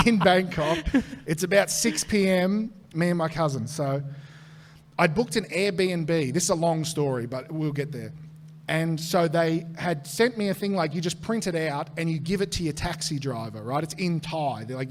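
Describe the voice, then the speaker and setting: Australian male comic, slightly high voice, animated live storyteller who swears freely and acts out quotes. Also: normal speed. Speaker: comedian guest.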